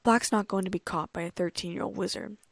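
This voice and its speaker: A woman's voice: mid-range voice, fairly even intonation, quick pace, creaky, dry recording. A woman reading a stressed older wizard father. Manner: stressed, short, firm.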